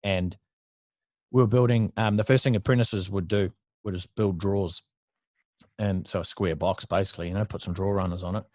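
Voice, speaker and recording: A man's voice: low-pitched, steady tone, fairly quick, darkish tone, no room sound. An Australian man in his thirties, a podcast guest, telling stories from his past in a blunt, profane, casual way with frequent laughs. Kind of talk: casual storytelling interview.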